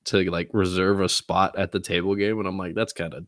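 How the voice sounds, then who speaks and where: A man's voice: low voice, steady tone, a little fast, no room sound, studio quality. A young man co-hosting a casual podcast over a call, rambling with lots of fillers and teasing his co-host. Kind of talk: casual chat. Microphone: remote call recording software.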